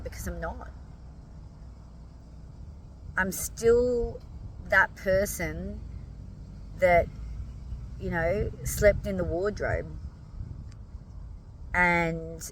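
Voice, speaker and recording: A woman, hoarse and tired, talking earnestly and emotionally to her followers and swearing casually. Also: fairly low pitch, recorded from a distance, a little hiss or hum, low-quality recording. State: hoarse, fatigued. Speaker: vlogger addressing followers. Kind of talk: emotional direct-to-camera talk.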